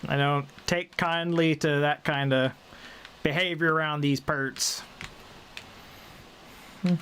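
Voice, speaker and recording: A young man talks casually to a live stream audience in a neutral General American accent. His voice sits a bit high for a man. He rambles, repeats words and fixes his sentences as he goes, over a faint background hum. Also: steady tone, slow pace, a bit bright. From Canada (British Columbia). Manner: rambling, self-correcting, reading chat aloud.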